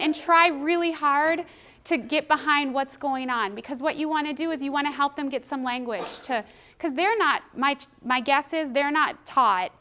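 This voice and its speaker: Woman presenter, high voice, animated trainer who acts out quotes. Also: moderate pace.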